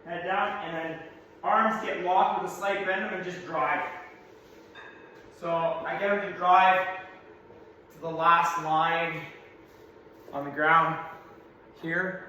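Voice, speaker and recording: Hoarse coach in an echoey gym. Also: male voice, fairly high pitch, fairly even intonation, takes it slowly, long pauses, sharp tone, distant mic, slight background noise. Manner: practical, coaching cues, talks to his son in asides. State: slightly hoarse. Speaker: strength coach. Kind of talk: instructional workout walkthrough. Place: large echoey gym, indoors.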